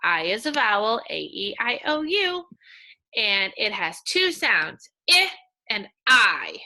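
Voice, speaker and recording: A woman teacher giving a slow, coaxing reading lesson to young children, sounding out words in a sing-song way. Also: mid-range voice, sing-song, pushed and bright.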